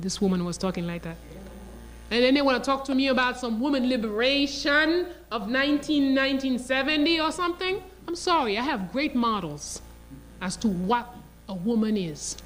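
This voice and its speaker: An older woman lecturing in an animated, emphatic storytelling style. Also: on the high side. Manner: animated, emphatic, acts out quoted dialogue.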